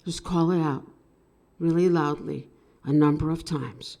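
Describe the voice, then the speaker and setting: A woman telling a personal story at an open mic, swinging between hushed and loud with strong emotion. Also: sits low, fairly even intonation, a little slow. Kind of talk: live dramatic storytelling.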